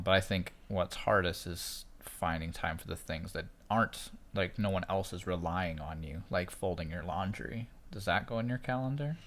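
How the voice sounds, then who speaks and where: A man co-hosting a casual podcast, jokey and playful, animated when telling stories about his kids. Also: low-pitched. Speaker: podcast co-host, parent.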